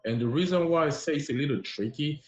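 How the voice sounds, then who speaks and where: A man teaching a live-streamed French lesson, patiently encouraging his viewers and repeating words slowly. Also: fairly high pitch, a little mellow, roomy sound. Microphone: live-stream app.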